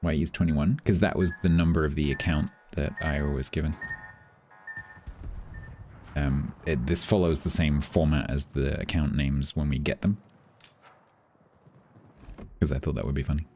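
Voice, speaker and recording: A man's voice: extremely low pitch, steady tone, normal speed, pauses often, darkish tone, slight background noise. A man chatting casually while streaming a naval battle game, playful and self-mocking as he jokes with his viewers. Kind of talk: casual gaming stream commentary.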